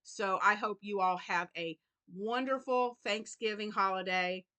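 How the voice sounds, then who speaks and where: A middle-aged woman, hosting a casual crochet vlog, chatting warmly with lots of ums. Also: medium pitch, unhurried. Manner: warm chatty talk with many ums and y'alls. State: choked up. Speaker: crochet channel host.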